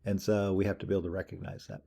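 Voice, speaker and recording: Casting: male Latin teacher, lowish gravelly voice, easygoing, talky. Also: racing. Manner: relaxed, conversational, thinks aloud with fillers. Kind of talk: recorded lecture over screen share.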